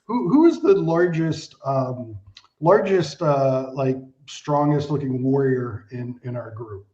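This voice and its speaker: Hesitant player in a roomy, dull room. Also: male voice, mid-range voice, expressive, slow pace, mellow. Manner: hesitant, lots of "like" and "um". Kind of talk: in-character game chat.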